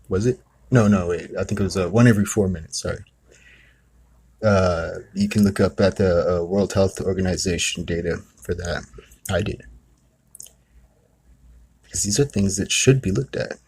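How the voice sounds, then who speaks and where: A man's voice: on the low side, a little mellow, breathy edge. A man hosting a spiritual talk, telling a story in a casual, rambling way full of asides. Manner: rambling, with many asides of "you know" and "okay".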